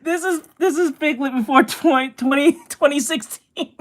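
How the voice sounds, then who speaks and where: High-voiced slangy woman streamer. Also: moderate pace. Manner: slangy, calls viewers bro. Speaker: art streamer. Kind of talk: casual live-stream chat.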